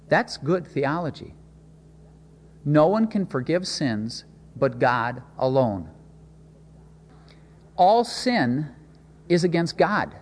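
A man's voice: fairly high pitch, slow pace, pauses often. Preacher man in a reverberant hall. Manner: expressive storytelling with sudden swings in loudness. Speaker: pastor. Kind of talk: sermon.

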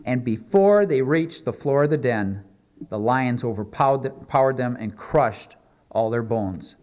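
A man's voice: mid-range voice, lively intonation, unhurried, lo-fi sound. A male pastor preaching a sermon, reading scripture aloud and then explaining it in a conversational way with many rhetorical questions.

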